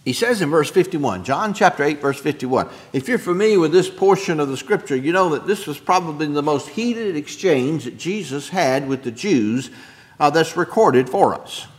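Emphatic, lively preaching man. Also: a little high, moderate pace. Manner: emphatic preaching, dropping soft then rising loud; throat-clearing, chuckling asides to the congregation. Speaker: pastor. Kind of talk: sermon.

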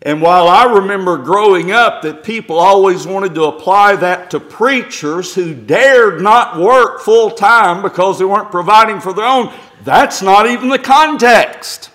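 Man, pastor, sermon, middle-aged, deliberate unhurried delivery, slightly high voice, emphatic scripture reading. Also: a bit bright. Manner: preaching with rising emphasis, reading scripture aloud.

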